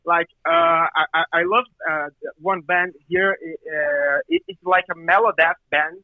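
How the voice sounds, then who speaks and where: A man from Brazil with a Brazilian Portuguese accent, a guest musician talking casually and halting, repeating words as he searches for them, heard over a phone line. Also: fairly high pitch, steady tone, no room sound. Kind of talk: casual interview.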